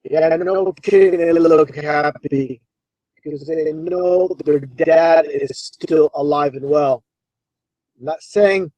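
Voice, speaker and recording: A man's voice: fairly high pitch, a little mellow, no room sound, highs cut off. A man giving scornful, insistent commentary over old clips. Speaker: video commentator.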